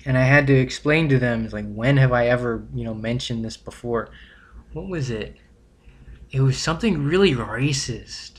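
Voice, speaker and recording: Rambling young man vlogging. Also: medium pitch. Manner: rambling, halting, self-correcting. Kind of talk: rambling casual monologue.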